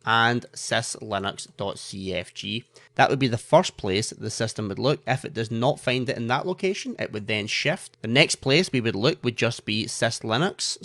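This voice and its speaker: A man's voice: mid-range voice, fairly bright tone, dry recording. A man giving a methodical technical lecture, spelling out file names as he explains. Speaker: instructor.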